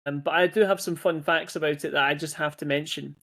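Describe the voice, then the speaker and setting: A man's voice: on the high side, steady tone, quick pace, a bit bright. A man hosting a podcast over a video call, rambling casually through film trivia and swearing freely. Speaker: podcast host. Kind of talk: casual chat.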